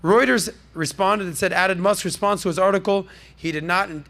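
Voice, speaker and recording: Male podcast host, brash jokey salesman patter, high gravelly voice, bright edge. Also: normal speed. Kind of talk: casual pop-culture podcast commentary.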